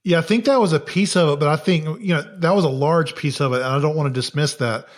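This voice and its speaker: A man's voice: fairly high pitch, fast talker. A man in his thirties co-hosting a casual faith podcast, wry and joking as he tells stories. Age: 30s. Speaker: podcast co-host.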